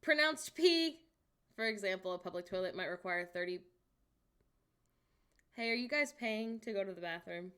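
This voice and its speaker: A woman's voice: fairly low pitch, normal speed, long pauses, fairly bright tone, smooth. A young American woman hosting a casual live stream, reading chat aloud, joking and laughing often, with incredulous outbursts. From United States. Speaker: livestream host.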